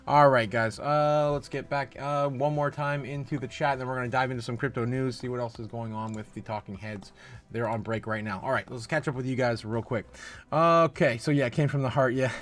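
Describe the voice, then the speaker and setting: A man hosting a casual crypto livestream, reading chat aloud, laughing often and breaking into loud bursts of hype between rambling, filler-heavy commentary. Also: mid-range voice, a little fast. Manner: frequent filler uhs and restarts.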